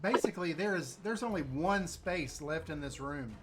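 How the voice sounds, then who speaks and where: A man playing a tabletop game, rambling and hesitant, sometimes yelling his character's lines. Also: a little high, lively intonation, normal speed. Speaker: player. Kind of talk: casual tabletop game play.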